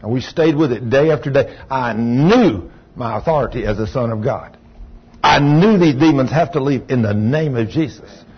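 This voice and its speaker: Husky preacher man. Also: medium pitch, moderate pace. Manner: fervent, folksy storytelling with Southern dialect. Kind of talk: sermon. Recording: dull lo-fi recording. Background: congregation saying amen.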